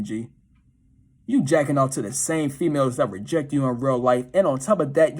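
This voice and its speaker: A man's voice: medium pitch, breathy edge. A man talking casually about dating in a profane, slangy, often laughing monologue. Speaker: dating advice commentator.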